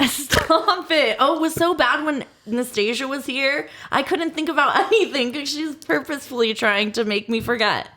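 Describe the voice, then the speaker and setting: A woman's voice: high voice, normal speed, few pauses, pushed and bright. A woman in warranty work, co-hosting a casual podcast in a giggly, playful way. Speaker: warranty administrator, podcast co-host.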